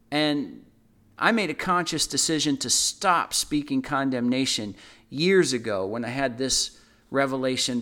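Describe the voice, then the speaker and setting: A man's voice: fairly high pitch, fairly bright tone. A man co-hosting a Bible discussion, teaching in an earnest, conversational way and often repeating his phrases. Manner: earnest, repeats phrases, acts out everyday quotes. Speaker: Bible study co-host.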